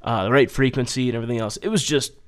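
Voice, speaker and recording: A man with a mid-pitched, everyday voice, chatting loosely on a podcast. He rambles through stories with fillers and casual swearing. He slips into high, singsong voices when he quotes people. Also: very fast, clear, resonant tone. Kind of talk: casual chat, telling travel stories.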